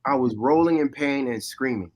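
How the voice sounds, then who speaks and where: A man telling a football story in a casual podcast chat, animated and loud at times. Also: mid-range voice, normal speed. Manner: animated storyteller, shouting replays. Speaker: former player guest.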